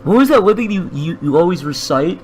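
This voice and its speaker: A man's voice: sits high, expressive, a little fast, slight background noise, rough recording. A man hosting a livestream and chatting casually over a call, joking and swearing freely. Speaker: stream host, artist. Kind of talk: casual voice chat.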